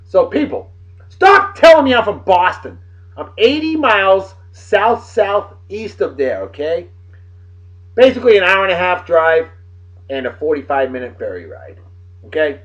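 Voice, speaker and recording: A man's voice: sits high, big pitch swings, unhurried. A man with a Massachusetts accent hosting a casual beer video, reading this-day-in-history facts with profane, wisecracking asides. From Martha's Vineyard, Massachusetts. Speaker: host of a daily beer video. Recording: dull lo-fi recording.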